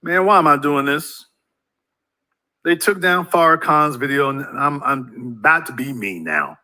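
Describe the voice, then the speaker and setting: Preachy, bright-voiced male commentator. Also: a little high, unhurried. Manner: preachy, fires rhetorical questions at viewers. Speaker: YouTube commentator. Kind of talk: ranting commentary monologue.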